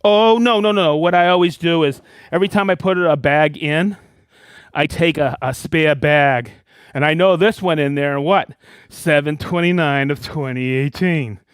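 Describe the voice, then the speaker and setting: A man hosting a live stream in a casual, excited way, calling out viewers by name and hometown. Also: a little high, moderate pace, smooth, dry recording, studio quality. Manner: excited, animated, reading viewer shout-outs. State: worked up and dusty after a demo. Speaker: host of a live product show.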